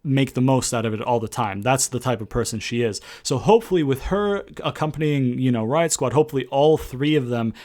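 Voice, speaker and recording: A man's voice: medium pitch, fairly quick, hardly any pauses, darkish tone. A man giving a casual recap of a wrestling show, rambling with many fillers and restarts.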